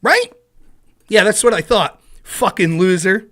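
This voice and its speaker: Angry streamer guy ranting, cussing and mocking, pitch jumping all over, sharp bright voice. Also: expressive, a little slow. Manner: profane, sarcastic, taunting, bursts into shouting. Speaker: live stream host. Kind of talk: angry live-stream rant.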